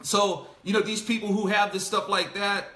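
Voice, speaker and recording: A man hosting a casual Bible discussion, talking in an animated way, laughing and acting out the quotes he reads. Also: sits high, normal speed, reverberant. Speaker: host.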